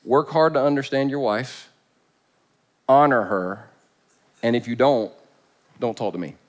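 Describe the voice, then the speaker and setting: A man's voice: medium pitch, fairly even intonation, a little slow. A man preaching a sermon as pastor. He jokes and stresses points by repeating phrases. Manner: joking, emphatic, repeats phrases.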